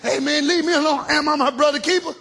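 Surly, dismissive Cain voiced by a preacher mid-sermon, a high, creaky male voice with bright edges. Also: fairly even intonation, fast talker, exaggerated voice. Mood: defiant. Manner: dismissive street talk. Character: surly defiant young man Cain.

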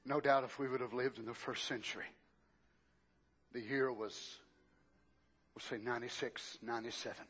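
An older man preaching a sermon. He swings from shouted, drawn-out exclamations to hushed, low passages. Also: fairly even intonation, husky, muffled recording.

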